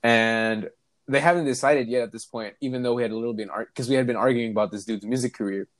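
Young man, casual storytelling, animated, mid-pitched, dry close sound. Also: fast, no room sound. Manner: animated, laughs while telling stories, acts out voices.

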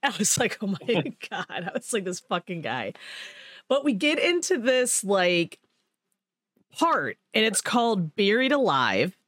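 A woman's voice: on the high side, a little slow, no echo. Chatty woman podcast host, dry sound. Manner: rambling, animated storytelling with swearing and laughs. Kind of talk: casual chat.

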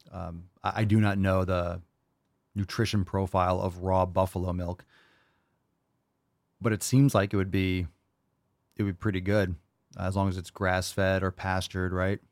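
A man's voice: low voice, no echo, studio quality. A man hosting a live question-and-answer show, reading viewer questions and answering in a hyped, jokey, profane way. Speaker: host.

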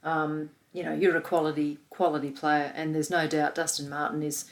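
A woman's voice: low-pitched, flat delivery, moderate pace. A woman with an Australian accent co-hosting a sports podcast, reading listener comments with enthusiasm. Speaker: podcast co-host. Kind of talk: casual sports chat.

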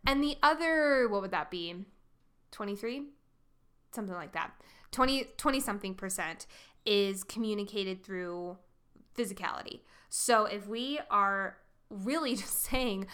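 Animated, bright-voiced woman podcast host. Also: mid-range voice, measured pace, clean tone. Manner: animated, emphatic, playful demonstrations of tone. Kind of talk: solo podcast talk.

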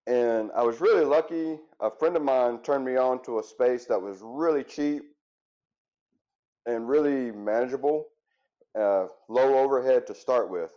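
A man's voice: medium pitch, measured pace, mellow, muffled recording. A man in his thirties, a former firefighter, telling his story in an interview in an earnest, reflective way. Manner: earnest and reflective, with frequent restarts. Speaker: interview guest, former firefighter turned business owner.

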